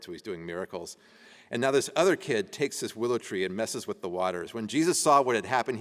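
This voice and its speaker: A man teaching an adult education class at a church, reading ancient texts aloud and talking them over casually. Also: on the low side. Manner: conversational, laughing while reading old texts aloud. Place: church meeting room. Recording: church hall reverb.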